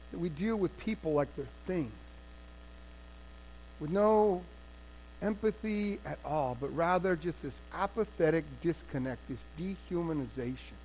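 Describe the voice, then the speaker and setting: A man's voice: high-pitched, a little hiss or hum, poor audio. A man voicing a shamed, grieving king. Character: ashamed old king, grieving then blaming.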